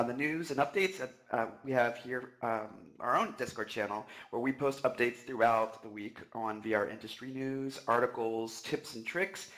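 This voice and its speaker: A man co-hosting a live news stream, reading announcements in a steady way with frequent fillers. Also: mid-range voice, low-quality recording. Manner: steady delivery with many "uh" fillers.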